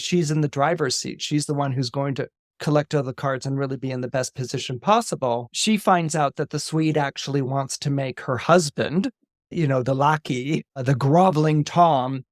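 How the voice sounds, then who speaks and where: A man's voice: on the high side, fairly even intonation, normal speed, dry recording, studio quality. A man, an astrologer guest on a podcast, retelling a story with animation, often repeating words and acting out the dialogue.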